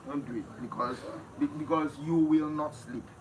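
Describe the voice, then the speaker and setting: A man with a Nigerian accent, talking emphatically in a casual interview, often laughing and swinging between loud outbursts and hushed remarks. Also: fairly high pitch, fairly even intonation, moderate pace. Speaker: interview guest. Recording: distant mic with noisy background.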